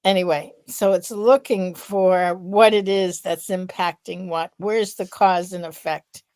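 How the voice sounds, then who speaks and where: A middle-aged woman co-hosting a podcast, thinking aloud in a reflective, unhurried way. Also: on the low side, fairly even intonation, a little mellow, smooth, no room sound. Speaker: podcast co-host, researcher. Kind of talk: casual podcast chat.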